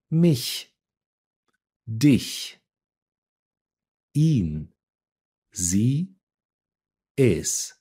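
A man teaching a beginner language lesson, reading example words and sentences one at a time in a deliberate, scripted way. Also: medium pitch, warm tone, husky.

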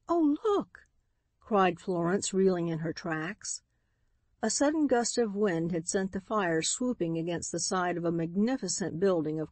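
A woman narrating an audiobook in a steady, even storytelling read. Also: lowish voice, no echo. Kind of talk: scripted narration.

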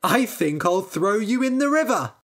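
A woman reading a storybook aloud, voicing a sly young male trickster with a smooth, scheming manner. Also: medium pitch, very animated, normal speed, pitched above the performer's own voice, lightly acted.

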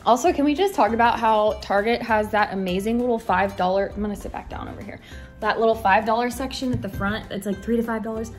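Gardening at home indoors and out in the yard, this young American vlogger in her twenties chats in a hyper, bubbly, rambling way. She speaks quickly in a fairly high voice over soft background music.

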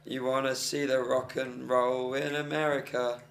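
A man's voice: medium pitch, flat delivery, measured pace, vocal fry, a bit bright. Playful young guy with ukulele. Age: young adult. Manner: playful, sings lines to a ukulele. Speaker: co-host. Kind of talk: comedic banter while songwriting.

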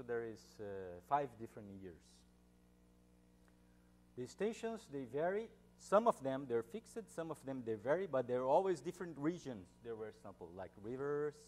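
A man's voice: mid-range voice, darkish tone, a little hiss or hum. A man with a Brazilian Portuguese accent giving an academic seminar talk, speaking informally with jokes, many fillers and restarts.

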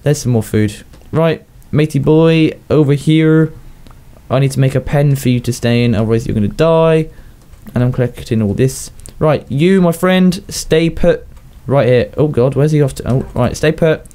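A man's voice: fairly high pitch, normal speed, dark tone. A young man, chatting casually as he plays, talking to his pets and laughing often, sounding a bit unwell. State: slightly unwell, coughing. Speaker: gaming YouTuber. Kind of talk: casual game commentary.

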